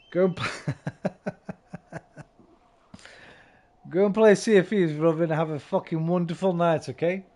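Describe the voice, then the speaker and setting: A man streaming games, tipsy and slightly slurring, rambling and swearing, swinging from loud bursts to low mumbles. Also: steady tone, takes it slowly, long pauses. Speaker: game streamer. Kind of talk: casual stream chat.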